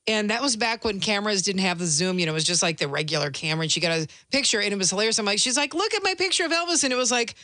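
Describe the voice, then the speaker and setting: A woman's voice: medium pitch, animated, very fast, hardly any pauses, pushed and bright, no echo, clean studio sound. A woman hosting a casual chat, asking questions and telling a short story. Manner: brief reactions and a chatty anecdote.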